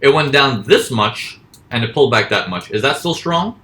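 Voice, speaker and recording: Going over charts in a casual live session, a man teaches forex trading with an animated, sharp, mid-range voice. He asks his own questions and then answers them, and mimics panicking traders with quick voices.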